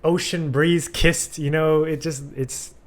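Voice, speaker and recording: Guy hosting a movie podcast, chatty and animated, says like a lot. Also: on the high side, slow pace. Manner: animated, acts out quotes, lots of "like". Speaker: podcast host. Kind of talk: casual film discussion.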